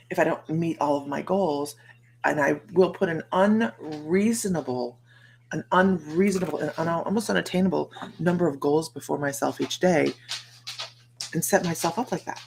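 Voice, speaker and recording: A woman's voice: sits low, vocal fry, darkish tone, a little hiss or hum. A middle-aged American woman hosting a psychic livestream, chatting in a rambling way and greeting viewers by name. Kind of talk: casual livestream chat.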